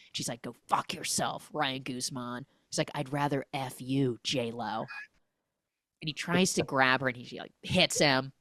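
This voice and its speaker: A young adult woman hosting a casual, comedic film recap podcast, acting out the characters' lines in quick, exaggerated voices. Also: very deep voice, fairly bright tone, no room sound.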